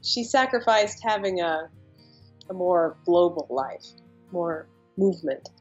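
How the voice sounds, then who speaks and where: A woman's voice: lowish voice, animated, slow. Earnest teenage girl, dull lo-fi sound. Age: teens. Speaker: scholarship candidate. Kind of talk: interview answers. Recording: dull lo-fi sound with faint music.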